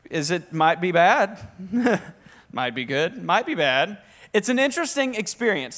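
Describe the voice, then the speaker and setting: A young man with a Southern accent preaching a lively, joking sermon to a congregation and prompting them to answer back. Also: high-pitched. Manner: talkative, energetic, joking. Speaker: pastor. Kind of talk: lively sermon with call-and-response. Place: church hall with a live congregation.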